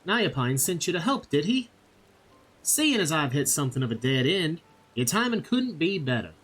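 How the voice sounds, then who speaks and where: A man's voice: a little high, sing-song, moderate pace, fairly bright tone, voice pushed up. A man voicing a shy young woman from a remote village with a put-on Southern accent, earnest and polite. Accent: put-on American Southern. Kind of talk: reading game dialogue aloud.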